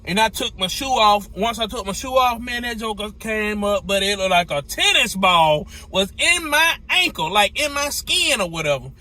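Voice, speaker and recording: Male owner-operator trucker, high bright voice, loose casual storytelling, lots of exclamations. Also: normal speed, few pauses. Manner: animated, repetitive, exclamatory.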